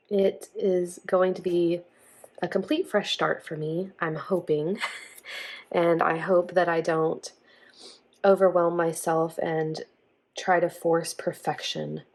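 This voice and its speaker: A woman talking in a rambling, earnest way while she sets up her planner at home, using lots of fillers. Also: sits low. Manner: rambling and chatty, heavy on "um" and "like"; earnest, emotional and apologetic. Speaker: planner vlogger. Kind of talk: casual chat while decorating a planner.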